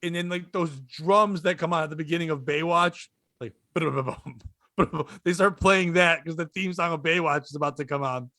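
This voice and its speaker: High-pitched comedian guy telling a wild story, keeps cracking himself up. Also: normal speed, pushed and bright, dry recording. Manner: rowdy, laughing through his own story. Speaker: comedian guest. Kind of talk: storytelling on a podcast.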